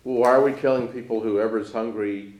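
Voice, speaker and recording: A man's voice: mid-range voice, fairly even intonation, a little fast, a little mellow, reverberant, low-quality recording. A man in a class asking a thoughtful question about the text. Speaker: class participant.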